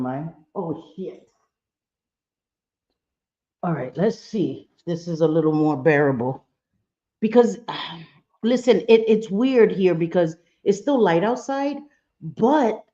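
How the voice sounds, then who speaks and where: A woman's voice: fairly low pitch, dark tone, dull audio. Chatty woman streaming from home, swearing and laughing. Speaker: livestream host. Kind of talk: casual livestream chat. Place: home room with bright lights.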